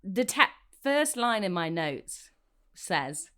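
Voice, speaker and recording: A woman's voice: medium pitch, big pitch swings, takes it slowly, fairly bright tone. A woman co-hosting a film podcast, chatting casually in a playful, opinionated way. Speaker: podcast co-host. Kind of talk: casual film-review chat.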